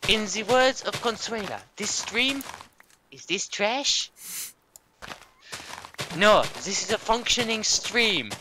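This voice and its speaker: A man's voice: sits high, expressive, slow, long pauses, noisy background, pitched above the performer's own voice. A man putting on a scolding cleaning lady. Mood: haughty. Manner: broken English, scolding and crude. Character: bossy foreign female house cleaner. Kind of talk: casual stream banter.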